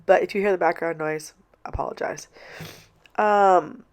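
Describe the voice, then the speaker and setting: A woman's voice: fairly low pitch, steady tone, moderate pace, smooth. A middle-aged woman with a stuffed-up nose from a cold, chatting casually and apologetically in a home voiceover. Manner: apologetic, rambling. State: congested, stuffy-nosed from a cold. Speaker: planner vlogger. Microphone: home voiceover mic.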